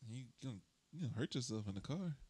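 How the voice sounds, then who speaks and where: Man, podcast co-host, casual teasing chat, lively pitch, dry sound. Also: slightly rough, no room sound. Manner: teasing, quick, animated.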